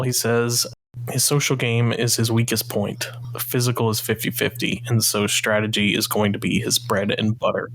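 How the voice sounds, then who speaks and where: A man hosting a podcast, working through a cast summary point by point. His voice sits at an ordinary middle pitch and he keeps a steady, matter-of-fact delivery. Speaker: podcast host.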